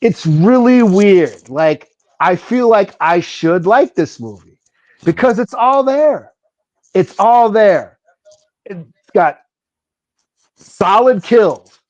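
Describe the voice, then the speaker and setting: A laid-back man talking on a podcast, his voice sitting high for a man and his pace unhurried. He sounds dry and close to the mic, with casual slang throughout. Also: expressive, darkish tone, dry recording. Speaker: podcast co-host. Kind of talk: casual chat.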